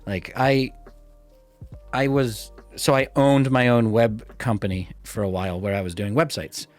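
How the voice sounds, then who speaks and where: A man's voice: mid-range voice, fairly even intonation, measured pace, soft background music. A man co-hosting a casual podcast, laid-back and laughing often as he tells stories about his past work. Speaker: podcast co-host. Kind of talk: casual chat.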